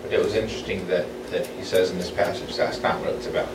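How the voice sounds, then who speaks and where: Bible study leader, man, mid-pitched, halting delivery, distant mic in a reverberant room. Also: little pitch movement. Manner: halting, restarts often, slows for reading. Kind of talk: group Bible study, reading scripture aloud. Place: room with a small group. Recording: echoey room, distant mic, background noise.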